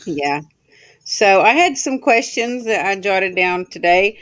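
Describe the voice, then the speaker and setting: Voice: mid-range voice, expressive, slow, fairly bright tone. A livestream host on a video call, chatting casually, laughing often and reading out viewer comments.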